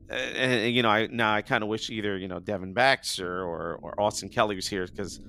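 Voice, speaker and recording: A hoarse man, voice worn rough after days of singing, chats animatedly as a podcast guest. His low, gravelly tone drifts through rambling asides, broken up with frequent laughter. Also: brisk, bright, forceful tone, slight background noise. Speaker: guest, working singer. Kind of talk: casual chat.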